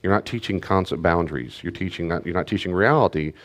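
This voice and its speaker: A middle-aged pastor with a low voice speaks fast as he teaches parents in a church group. He keeps it conversational, repeating key phrases and acting out the voices of parent and child.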